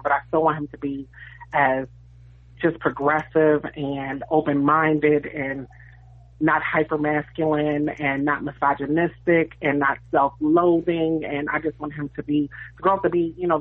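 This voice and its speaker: A woman's voice: sits low, no echo. A woman caller leaving a chatty, gushing voicemail for a podcast. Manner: gushing, chatty, rambling with fillers. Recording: tinny phone voicemail.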